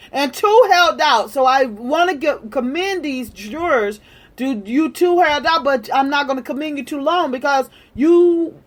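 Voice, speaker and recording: Woman ranting, high and animated. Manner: heated and profane, with emphatic repetition. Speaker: political commentator. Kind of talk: angry political rant.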